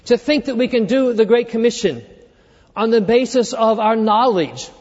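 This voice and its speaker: High-voiced man preaching in a reverberant hall. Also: animated, normal speed. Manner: earnest expository preaching, drops quiet when quoting scripture. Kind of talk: sermon. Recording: dull reverberant hall sound.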